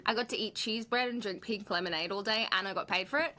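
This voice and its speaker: A woman's voice: medium pitch, quick pace, pushed and bright. A woman actress chatting casually on a livestream, reading out viewer questions and answering them in a playful, laughing way. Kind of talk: live Q&A reading viewer comments.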